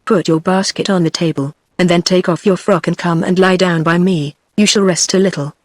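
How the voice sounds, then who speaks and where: A computer-generated woman's voice with a British English accent, reading the lines of a sly scheming male wolf in a fairy tale in an even, mechanical delivery. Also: on the low side, fairly quick, no echo, natural voice.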